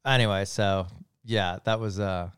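A middle-aged man, chatting casually and telling an animated story, swearing freely and laughing as he goes. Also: fairly low pitch, a little slow, smooth, no room sound, clean studio sound. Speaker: podcast co-host telling a story. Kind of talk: casual chat.

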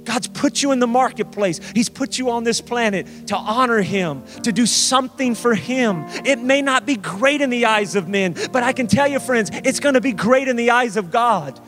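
Pastor guy preaching hard, pretty high voice, hammers phrases over and over, bit of music faint behind. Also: normal speed, hardly any pauses, fairly bright tone. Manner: emphatic preaching, repeats key phrases. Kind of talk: sermon.

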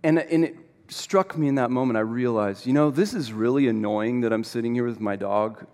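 A middle-aged man preaching a sermon as pastor, telling a lively personal story with self-deprecating humor. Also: mid-range voice, brisk. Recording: long hall reverb.

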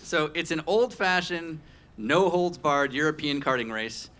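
A man's voice: on the high side, a little slow, a bit bright. A man hosting a live podcast at a racetrack, quizzing the crowd and joking with guests. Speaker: podcast host. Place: outdoor live show at a racetrack.

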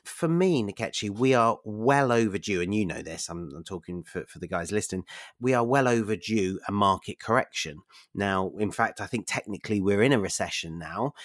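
Male host, lowish voice, eager and effusive, dry close sound. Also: no echo. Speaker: podcast host. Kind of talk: casual interview chat.

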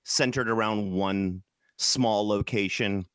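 Low pitched man, from Chicago, casual rambling co-host, dry recording. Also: steady tone, slow, fairly bright tone, clean tone, no echo. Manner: rambling, full of fillers and restarts. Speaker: podcast co-host. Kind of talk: casual chat.

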